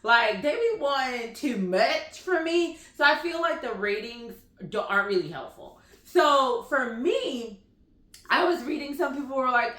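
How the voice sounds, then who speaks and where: A woman chatting casually about books she read, animated and full of "like" fillers. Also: a little high, unhurried, echoey room. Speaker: book vlogger. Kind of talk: casual book review chat.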